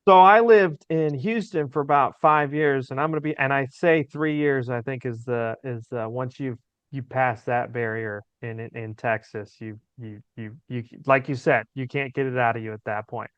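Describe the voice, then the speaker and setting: A man's voice: medium pitch, fairly even intonation, normal speed, clear, resonant tone, no room sound. A man hosting a podcast, asking long, winding, curious questions in a casual way. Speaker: podcast host. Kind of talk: casual interview. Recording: dull lo-fi audio.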